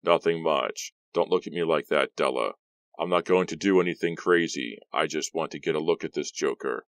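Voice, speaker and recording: A man with a deep voice, reading an audiobook, voicing a daring, confident teenage boy. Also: moderate pace, vocal fry, no room sound. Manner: calm, defensive.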